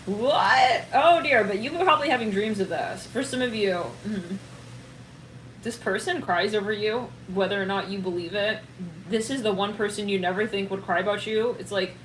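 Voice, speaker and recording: A woman gives a rambling, excitable tarot reading, often laughing and breaking off mid-thought. Her voice sits at a middling pitch. The sound is roomy and echoey, with clear noise underneath. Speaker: tarot reader. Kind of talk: casual tarot reading to camera.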